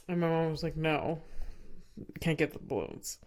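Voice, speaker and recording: A woman's voice: low voice, fairly even intonation, moderate pace, darkish tone. A young woman co-hosting a podcast, telling a childhood story in a rambling, chatty way and laughing often. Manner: laughs often, rambling anecdote with acted-out quotes. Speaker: podcast co-host. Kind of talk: casual chat, storytelling.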